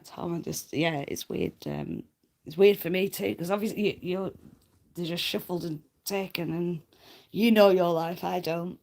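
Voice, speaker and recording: Low gravelly woman chatting. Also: a little mellow. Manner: rambling, self-deprecating, laughs often. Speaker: livestream host reading cards. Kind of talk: casual livestream chat.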